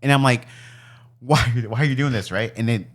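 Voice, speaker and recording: A man co-hosting a podcast, telling a story in a casual, animated way, laughing and swearing as he acts out family members. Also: medium pitch, a little fast. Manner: swears freely. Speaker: podcast co-host.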